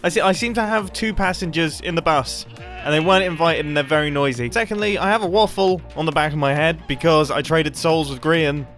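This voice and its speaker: A young man giving playful, excitable, self-mocking commentary on a Minecraft game from his desk at home. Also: a little high, fairly quick, faint music behind. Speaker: Minecraft video creator. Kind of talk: casual gameplay commentary.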